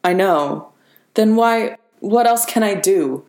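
A weary male soldier hero in an audiobook, quiet and wry, as a woman reader puts him on. The voice sits very low and sounds like it was taken in a roomy, echoing space. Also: moderate pace. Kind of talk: audiobook character reading. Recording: roomy reverberant room.

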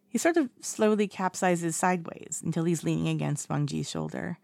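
A woman reading fiction aloud in calm, even storytelling. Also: on the low side, normal speed, vocal fry, few pauses, dry recording. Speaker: narrator. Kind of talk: audiobook narration of fiction.

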